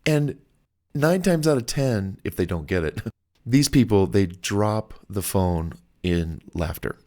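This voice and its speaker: A man talks through his self-help audiobook in an upbeat, conversational coaching tone. His voice sits fairly low, and he speaks as if chatting straight to the listener. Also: animated, takes it slowly, mellow. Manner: conversational, acts out quoted phone calls. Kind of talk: motivational audiobook talk.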